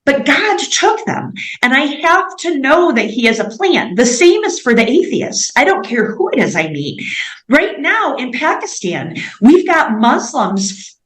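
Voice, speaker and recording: Woman guest rattling off stories, kinda high voice, echoey room, lots of "like". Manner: animated, fast-paced anecdotes with frequent "like". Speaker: missionary guest. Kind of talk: storytelling in an interview. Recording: roomy echoey recording.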